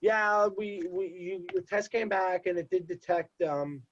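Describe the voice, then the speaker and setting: A man's voice: high voice, a little slow, a bit bright, pitched above the performer's own voice. A man voicing a hesitant, stumbling woman calling from a clinic, on dull lo-fi audio. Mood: flustered. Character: flustered woman clinic caller.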